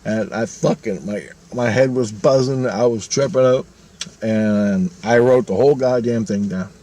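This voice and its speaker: A man's voice: fairly low pitch, a little slow, mellow. A man in his fifties telling a personal story in a casual, rambling monologue, swearing freely and retelling it animatedly. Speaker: vlogger.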